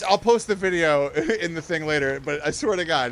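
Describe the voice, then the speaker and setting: A man's voice: on the high side, moderate pace, slight background noise. A man streaming a game and chatting with friends, telling rambling stories with lots of laughter and swearing. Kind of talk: casual gaming stream chat.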